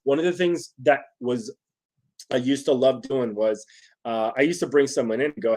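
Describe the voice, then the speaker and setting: A man's voice: medium pitch, normal speed, darkish tone. A man hosting a casual solo talk on leadership, speaking to his viewers in a loose, conversational way and often tagging sentences with "right?". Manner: conversational, frequent "right?" tags, restarts. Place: home setup with phone nearby.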